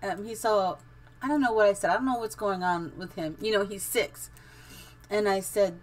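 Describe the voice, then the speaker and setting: A woman's voice: mid-range voice, brisk. A middle-aged woman casually commenting on her live-streamed building game, chatty and giggly, thinking aloud as she goes.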